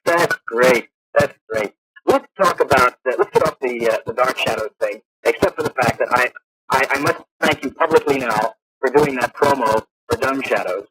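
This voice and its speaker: Eager halting male radio host. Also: mid-range voice, fairly bright tone, poor audio. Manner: eager, halting, many restarts. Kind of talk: casual interview.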